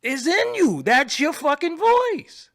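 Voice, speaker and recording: A man hosting a livestream, ranting in a profane, animated, preaching way and repeating his phrases, swinging from low mutters to loud outbursts. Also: slow pace. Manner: swoops between low mutter and loud high bursts. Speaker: livestream host. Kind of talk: unscripted livestream rant.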